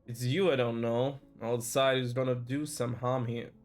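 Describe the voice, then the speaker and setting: A man's voice: mid-range voice, little pitch movement, normal speed, faint music behind, close to an everyday voice. A man doing Xander, a defiant boy. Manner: blunt, read aloud with stumbles. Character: defiant boy, a young colonist guarding a tunnel.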